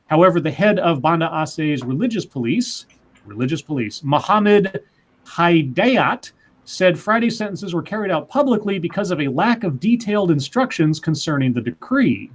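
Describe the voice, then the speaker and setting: Higher-voiced man reading news, sarcastic. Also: lively intonation, normal speed. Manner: dry, sarcastic asides between read passages. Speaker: news segment co-host. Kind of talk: reading and commenting on news on a livestream.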